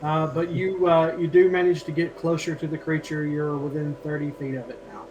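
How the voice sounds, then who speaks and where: A man's voice: a little high, little pitch movement, fairly quick, a little mellow, lo-fi sound. A man running a tabletop role-playing game as game master, narrating with many hesitations. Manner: hesitant, filler-heavy narration.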